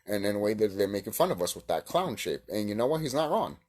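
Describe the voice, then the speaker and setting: Man reacting on his channel, husky tone, lively pitch, profane heated rant. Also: quick pace. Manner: heated, profane, swings between shouting and hushed musing. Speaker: video creator reacting to a clip. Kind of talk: ranting reaction commentary.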